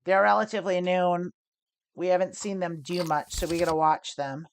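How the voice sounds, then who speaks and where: Chatty American woman streamer, lowish voice. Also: brisk, slight background noise. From United States. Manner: casual, chatty, self-mocking, laughs often, swears lightly. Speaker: poker streamer. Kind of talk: live-stream gameplay commentary.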